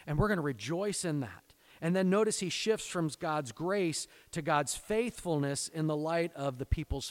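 A man preaching a sermon, reading scripture aloud and explaining it in earnest, exhorting tones, swelling into fervent pleading and then dropping low. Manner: earnest, exhorting, addresses parents directly. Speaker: pastor.

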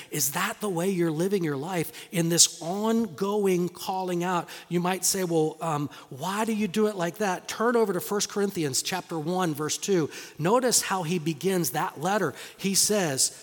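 A male pastor preaching a sermon in a dramatic, storytelling way, acting out voices and dropping to hushed tones. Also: sits high, unhurried, in a large hall.

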